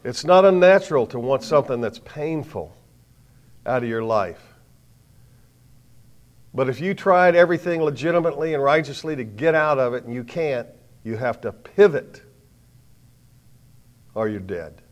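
A middle-aged man with a drawl delivers a sermon in a mid-range voice. He tells folksy personal stories, punching some lines loudly and letting others fall quiet. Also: mid-range voice, normal speed, pauses often, dull audio. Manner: folksy, animated storytelling with sudden loud bursts and quiet drops. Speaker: preacher.

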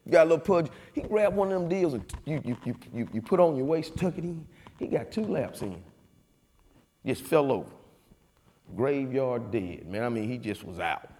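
A man, a former football player giving a folksy, animated testimony with a preaching cadence. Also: mid-range voice, normal speed, slight background noise. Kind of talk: storytelling speech. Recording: long reverb of a hall.

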